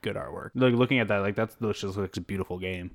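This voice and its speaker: A laid-back man co-hosting a podcast chat, with a low, gravelly voice. He mostly offers short replies and passing remarks. The sound is dry and close. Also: fast talker, dry recording. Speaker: podcast co-host. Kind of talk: casual chat.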